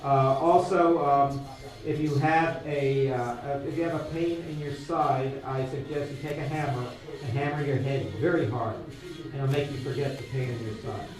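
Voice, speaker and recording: A man doing a rambling comic bit as a doctor, halting and full of stops and restarts. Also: mid-range voice, fairly even intonation. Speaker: guest playing a doctor. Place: small studio. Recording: echoey room from far off, music behind.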